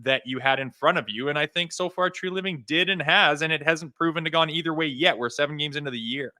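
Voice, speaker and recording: Heated male podcast co-host, bright forceful tone, dry close sound, ranting and swearing. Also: fairly high pitch, fast talker, dry recording. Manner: fired-up ranting, swears freely. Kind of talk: heated hockey talk.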